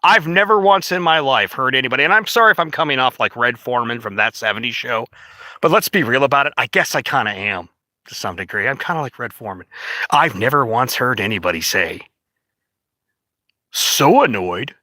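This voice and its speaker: A man's voice: medium pitch, expressive, fast, sharp tone, no echo. A man ranting casually to the camera in a profane, rambling, indignant way. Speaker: vlogger.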